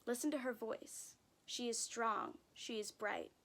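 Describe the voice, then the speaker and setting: A woman reading a storybook aloud voices a weak, gentle queen who has just given birth. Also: fairly high pitch, unhurried, gravelly. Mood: tender.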